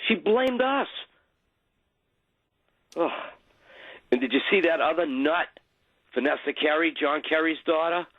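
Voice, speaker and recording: A man calling in to a talk radio show, talking excitedly and indignantly. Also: on the high side, measured pace, pauses often, no echo. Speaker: caller. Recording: tinny phone line.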